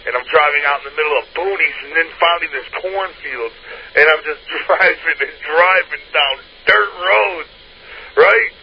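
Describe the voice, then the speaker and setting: A man with a gravelly, fairly high voice tells a profane story in loose, casual talk, chuckling as he goes. The sound is dull and lo-fi, with a faint hiss under it. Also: normal speed. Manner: crude, profane, laughs through his own story. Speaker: hotline storyteller. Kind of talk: casual spoken anecdote.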